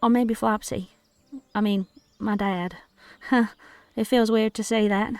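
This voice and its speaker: A woman with a British accent voicing a gentle, childlike male scarecrow full of stuffing, in a hesitant and innocent way. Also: mid-range voice, fairly even intonation, takes it slowly, clean tone, no room sound. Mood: tender. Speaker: dungeon master.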